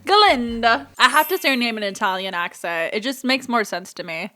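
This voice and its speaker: A woman hosting a movie reaction, excitable and gushing, laughing often as she talks. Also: mid-range voice, fast, a little hiss or hum. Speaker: host.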